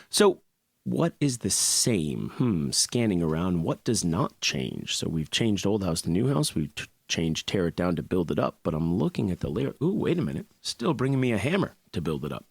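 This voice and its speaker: A man's voice: on the low side, vocal fry, darkish tone, breathy edge, no room sound. A man teaching an online music class, playful and upbeat, mixing sung lines with spoken explanation. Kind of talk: online music lesson with singing.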